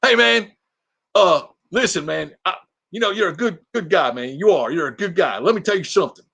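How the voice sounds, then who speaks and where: A man putting on a high, loud voice for a chummy police sergeant who scolds with a drawl. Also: lively intonation, moderate pace, vocal fry, husky, exaggerated voice. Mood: scolding. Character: loud laid-back male police sergeant, older.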